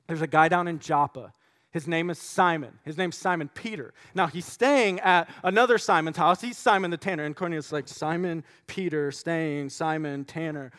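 A man preaching a sermon, reading scripture and retelling it with animated, acted-out storytelling. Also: fairly high pitch, a little fast. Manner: animated storytelling, acting out voices. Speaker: pastor.

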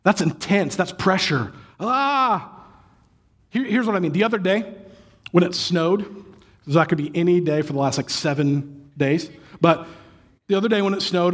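Husky animated man preaching a sermon. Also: a little high, moderate pace. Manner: animated storytelling with acted sighs and exclamations. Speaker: pastor.

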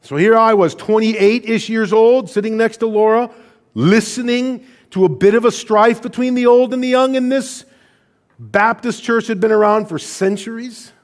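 A man's voice: high voice, steady tone, moderate pace. A man in his thirties preaching a sermon, telling earnest personal stories with feeling. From United States. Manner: earnest storytelling, emotional personal anecdotes. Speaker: pastor.

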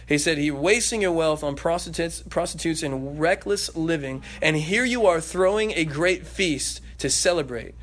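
High-voiced animated male preacher. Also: normal speed, hardly any pauses. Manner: animated, acts out voices, laughs and jokes. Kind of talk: sermon.

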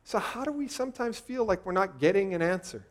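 High-voiced man preaching a sermon. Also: expressive, a little fast. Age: 40s. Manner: conversational, rhetorical questions to the congregation.

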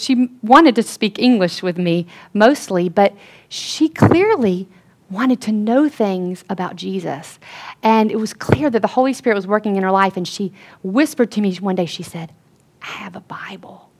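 Earnest woman telling a testimony. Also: mid-range voice. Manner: storytelling, drops to a hush for quoted lines. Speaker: speaker at a Christian gathering.

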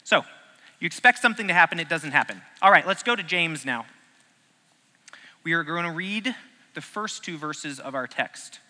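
Bright-voiced joking preacher in a hall. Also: male voice, a little high, animated, normal speed, long pauses. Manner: joking, conversational, asks the audience questions. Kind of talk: casual teaching sermon. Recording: long hall reverb.

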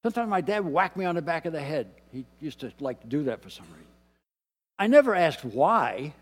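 A man preaching a sermon as pastor, moving between quiet, dropped asides and loud, emphatic lines. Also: on the high side, sing-song, fairly quick. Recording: long hall reverb.

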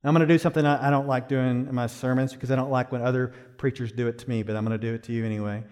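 In a large, echoing room, a middle-aged man delivers a sermon as a pastor with a flat delivery, yet he still shifts between quiet, slow lines and loud, high-pitched urging.

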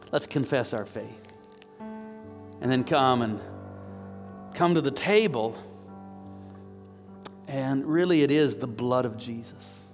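A man's voice: medium pitch, a little mellow. A man preaching as a pastor, praying fervently in repeated phrases and leading a congregation in recited liturgy. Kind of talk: sermon and congregational prayer. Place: church sanctuary. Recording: long hall reverb, faint music.

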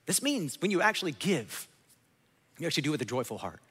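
A man preaching a sermon to his congregation as pastor, animated and acting out biblical figures in quick asides. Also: high voice, breathy edge. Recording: long hall reverb.

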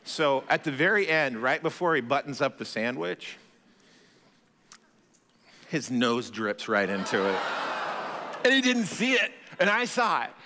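Male pastor, fairly high, bright delivery, long hall reverb, chatty storyteller. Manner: conversational, animated, self-deprecating humor. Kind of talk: sermon with storytelling.

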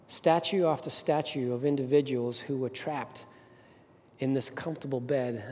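Pastor guy preaching in a big echoey church, tells it like a story, gets loud then goes quiet. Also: medium pitch, slight background noise. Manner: storytelling, rising to emphatic peaks then dropping soft. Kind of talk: sermon. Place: church sanctuary. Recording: reverberant hall.

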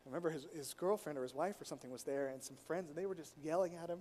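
Sex: man. Style: animated storytelling sermon. Pitch: high. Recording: long hall reverb. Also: very fast, slight background noise. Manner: animated, acts out quoted people, chuckles while telling. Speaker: preacher.

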